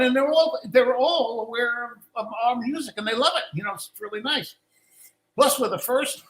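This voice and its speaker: An older man tells stories in a loose, rambling way during a live Q&A, doubling back and restarting his sentences. His voice is high for a man and sharply bright. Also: rough recording. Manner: rambling, restarts often, acts out quoted lines. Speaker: guest musician. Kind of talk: casual storytelling in a live Q&A.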